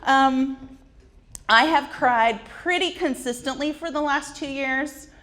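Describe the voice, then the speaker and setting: This conference speaker, a woman in her forties, has a high, fairly bright voice and takes her time. She shares comedic, self-mocking anecdotes with a wry edge, laughing along at her own jokes.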